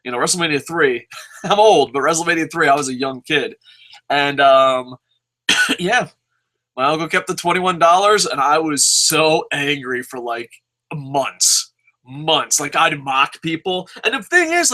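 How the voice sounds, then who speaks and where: A man's voice: on the high side, animated, unhurried, sharp tone. A man in his thirties from New Jersey, a podcast host telling a story casually, swearing a lot and laughing as he talks. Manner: profane, laughs often while talking.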